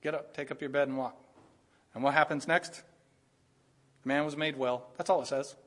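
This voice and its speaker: Male pastor, lively sermon delivery with sudden bursts of emphasis. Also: fairly high pitch, normal speed. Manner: animated, acts out quoted voices, rising to bursts of emphasis.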